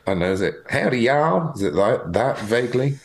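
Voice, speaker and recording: Co-host, male, very deep voice, chatty and inquisitive. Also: quick pace, darkish tone. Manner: curious, asks many questions. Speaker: podcast co-host. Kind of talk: casual chat.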